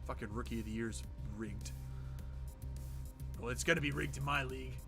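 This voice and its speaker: A man's voice: medium pitch, moderate pace, over music. A man hosting a gaming livestream, chatting casually with viewers in a jokey, sarcastic, rambling way. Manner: jokey and sarcastic, answers chat, rambling with restarts. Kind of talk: casual livestream chat while playing.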